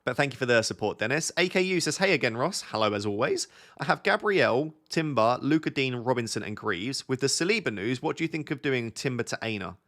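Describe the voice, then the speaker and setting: Young man, southern English accent, from Essex, casual live-stream chat, friendly, relaxed, thinking aloud, mid-pitched voice. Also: a little fast. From Essex, England. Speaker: fantasy football streamer. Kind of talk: live stream chat reading viewer questions.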